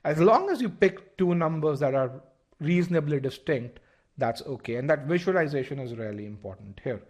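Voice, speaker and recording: A man's voice: a little high, lively intonation, normal speed, a little mellow. A man teaching a live online class, asking the audience questions, repeating key points and often restarting his phrases. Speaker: test-prep instructor.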